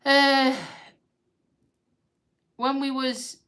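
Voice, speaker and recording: A woman's voice: sits high, monotone, extremely slow, a bit bright. A woman hosting a live stream, talking casually and emotionally, tearful and rambling as she interrupts herself. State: crying on and off.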